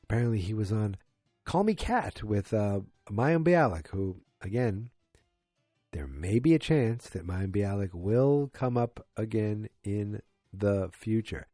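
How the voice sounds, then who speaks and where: A man's voice: on the low side, lively intonation, a little slow, mellow, dry recording, studio quality, soft background music. A man hosting a podcast, casually recapping an episode in a tired, rambling way, full of fillers and restarts. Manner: acts out quoted lines in a raised voice. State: tired, yawning. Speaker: podcast host.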